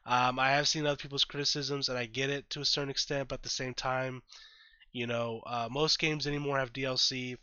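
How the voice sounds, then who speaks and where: A man's voice: mid-range voice, flat delivery, a little fast, sharp tone, smooth, no echo, highs cut off. A man doing casual reaction commentary on a game, thinking aloud with lots of fillers and the odd blunt curse. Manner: blunt and profane when annoyed. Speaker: gaming YouTuber.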